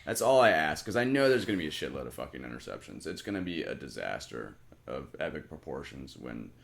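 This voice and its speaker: A man's voice: rumbling low, big pitch swings, brisk, gravelly. A young adult man co-hosting a podcast in casual chat, hungover, swearing a lot and laughing while he rambles. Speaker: podcast co-host.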